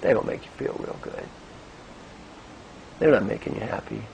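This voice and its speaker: In a low-quality recording with a little hiss or hum, an older man speaks at a normal speed. As an executive coach giving a motivational talk, he tells animated stories and gently leads listeners through breathing.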